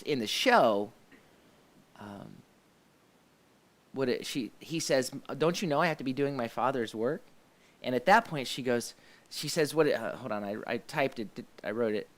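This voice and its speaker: Male host, church talk show, loose and rambling, stops and restarts often. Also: mid-range voice. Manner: rambling, with many restarts and fillers. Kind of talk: casual discussion.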